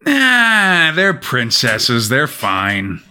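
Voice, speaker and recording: A man co-hosting a podcast, casually retelling a comic's plot with lively storytelling and lots of "sort of" hedges. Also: medium pitch, drawn-out words, a little hiss or hum. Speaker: podcast co-host. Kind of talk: casual chat recapping a comic.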